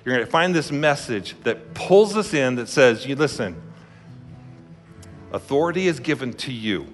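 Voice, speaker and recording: A man's voice: mid-range voice, animated, normal speed. A man preaching a sermon as a pastor, telling a personal story in a conversational, emphatic way. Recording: long hall reverb with faint music.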